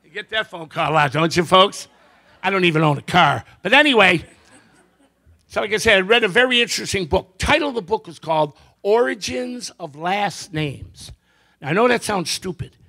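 Lively high-voiced stand-up comedian. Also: male voice, creaky, slightly rough. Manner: joke-telling with quick character voices. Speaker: comedian and magician. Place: live show before an audience.

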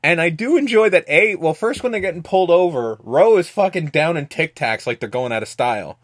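A man hosting a podcast, casually recapping a movie with lots of swearing and quick acted-out lines. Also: a little high, lively intonation, dry recording, clean studio sound. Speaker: podcast host.

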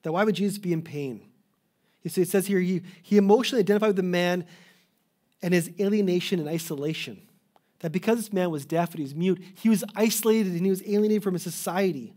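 A man's voice: high voice, quick pace, darkish tone. A man preaching a sermon as a pastor, earnest and pleading, often restarting mid-phrase. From Canada.

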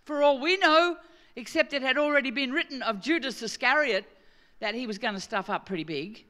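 A middle-aged Australian woman preaching a sermon, joking and swinging from quiet asides to loud emphasis. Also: high-pitched, a little fast. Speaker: pastor.

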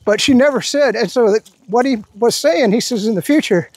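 A man's voice: very high voice, brisk, a little mellow, no echo. A man giving a rambling, indignant political rant while out walking his dog, restarting his sentences often. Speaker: political commentary vlogger. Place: outdoors.

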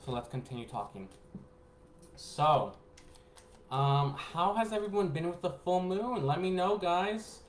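A man chats to his viewers in a loose, rambling storytelling voice that breaks into frequent laughter. He drifts from quiet, low asides to lively, excited stretches. The recording has a roomy echo and a faint background hiss. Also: measured pace, pauses often. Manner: animated, laughs often, swings between hushed and excited. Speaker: spiritual reader and vlogger. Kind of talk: casual rambling storytelling to camera. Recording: echoey room with faint background noise.

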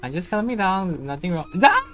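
A woman's voice: fairly low pitch, sing-song, a little fast, loud music behind the voice. A woman streaming a horror game, reacting with nervous exclamations and muttered curses. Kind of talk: casual gameplay commentary.

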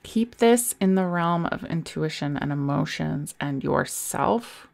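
A woman giving a casual tarot reading into a desk microphone, soft and reassuring, with sighs and small laughs. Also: low voice, lively intonation, slow pace, creaky. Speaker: tarot reader.

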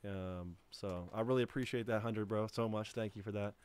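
A man hosting a casual call-in livestream, talking in a relaxed, rambling way and laughing easily. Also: lowish voice, normal speed, clear, resonant tone. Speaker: livestream host.

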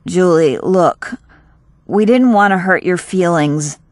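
A woman's voice: fairly low pitch, slow pace, no echo, pitched below the performer's own voice. A woman reading the lines of an earnest, awkward teenage boy who talks bluntly and evasively.

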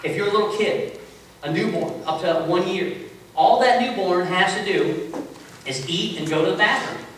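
A man preaching a sermon as a pastor, telling stories in a relaxed, conversational way with self-mocking humor. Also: high-pitched, normal speed. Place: large echoey church sanctuary. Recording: echoey hall from far off with faint hiss.

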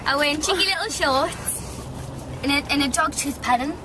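A woman's voice: high-pitched, normal speed. A young woman in a pop group, joking playfully in a video diary. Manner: playful, giggly. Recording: loud background noise.

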